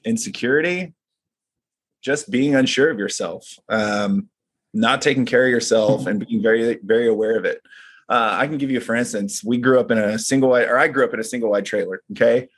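A man's voice: mid-range voice, a little fast, slightly rough. A man who leads a men's group, talking in casual chat and telling personal stories in an earnest, reflective way.

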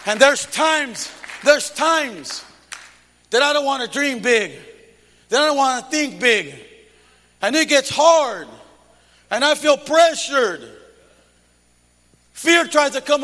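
High-pitched male preacher, fervent and shouting, in a reverberant church hall. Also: expressive, slow pace, pauses often. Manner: fervent, shouting rebukes and calls to the congregation. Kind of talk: Pentecostal sermon testimony.

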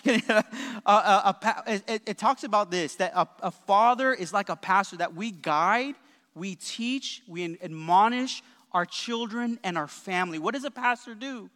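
High bright voiced pastor guy preaching hard, lots of "all right?", church hall echo. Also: moderate pace. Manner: emphatic preaching with frequent "all right?" and call-and-response. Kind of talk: sermon.

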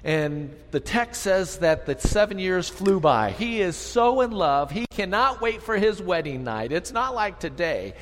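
A preacher with a fairly high voice tells the story in an animated, conversational way, often slipping into the voices of the people he describes. His voice carries a long reverb from a large hall. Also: unhurried, hardly any pauses, a little hiss or hum. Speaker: pastor. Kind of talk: sermon storytelling.

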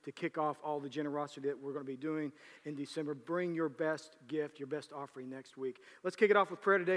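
Speaking fast in a steady tone, this slightly high-voiced male pastor mixes church announcements with his sermon. Easygoing jokes give way to forceful preaching, and the reverberant church hall adds a lingering echo.

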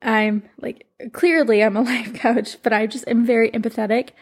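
A woman in her twenties who hosts a podcast and works as a life coach tells a personal story, rambling earnestly and emotionally while saying "like" constantly. Her voice is a little high and slightly rough, with a moderate pace and fairly even intonation.

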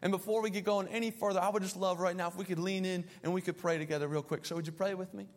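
Young male pastor, high-pitched, lively storytelling sermon, long reverb of a big hall. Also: very fast. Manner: animated storytelling with playful asides.

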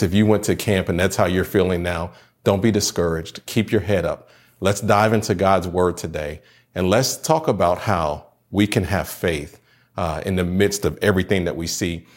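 A man's voice: fairly low pitch, darkish tone. A young adult man, a pastor, giving a chatty, humorous sermon to students by video. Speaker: youth pastor.

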